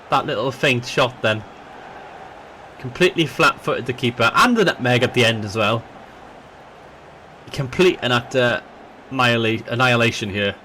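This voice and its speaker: Taking long pauses while speaking at normal speed in a mid-range voice, a gaming host narrates a football match for his viewers and chats with them directly. His voice jumps up excitedly when goals come, over slight background noise.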